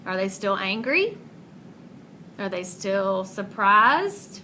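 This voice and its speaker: A woman teacher reading a picture book aloud expressively and pausing to ask guiding questions. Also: mid-range voice, very animated, sharp tone, a little hiss or hum, rough recording.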